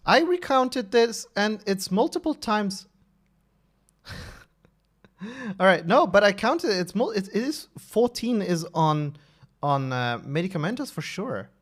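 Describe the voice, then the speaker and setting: Male streamer, 30s, casual live chat; bright-ish voice, very animated pitch, lots of self-corrections. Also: a little slow, pauses often. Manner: talkative, self-correcting, restarts often. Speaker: streamer and level designer.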